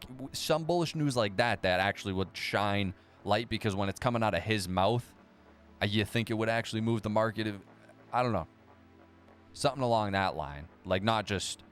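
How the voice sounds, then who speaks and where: Man, livestream host, low voice, sarcastic, swears a lot, faint music underneath. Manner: profane, sarcastic, fast banter. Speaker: livestream host reading viewer chat. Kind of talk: casual live chat.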